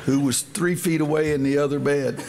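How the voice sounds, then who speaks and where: A man's voice: on the high side, steady tone, moderate pace, vocal fry, crowd noise. A man in his sixties, a basketball coach speaking at a dedication event in a large indoor arena, telling folksy stories and acting out the dialogue in them. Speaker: basketball coach giving a speech.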